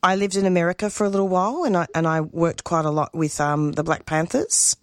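Earnest woman, low voice. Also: steady tone, dry recording, studio quality. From Australia. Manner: emotional, earnest, halting with restarts. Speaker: community radio producer and host. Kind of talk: interview guest, spontaneous talk.

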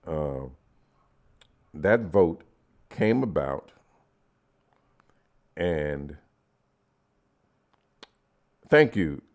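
Man, radio talk host, deep voice, halting, repeats himself, punches key words. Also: darkish tone. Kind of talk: community radio talk, addressing listeners.

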